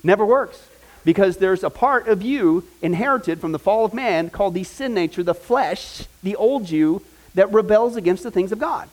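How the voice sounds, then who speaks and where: High-voiced man teaching a Bible class. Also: normal speed, poor audio. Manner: energetic, conversational, with frequent check-ins to the class.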